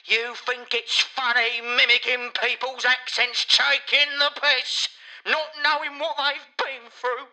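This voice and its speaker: A man voicing a furious, menacing British caller who rants and shouts down the phone. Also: extremely high pitch, little pitch movement, slow pace, rough recording. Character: furious threatening British bloke.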